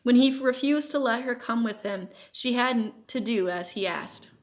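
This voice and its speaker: A woman's voice: fairly high pitch, a little slow. Woman reading a children's audiobook. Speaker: audiobook reader. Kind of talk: audiobook narration.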